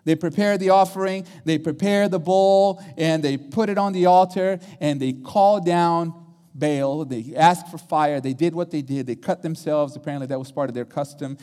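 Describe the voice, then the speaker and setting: A man's voice: on the high side, normal speed, warm tone, in a large hall. A man preaching a sermon, retelling a story dramatically and acting out the quotes.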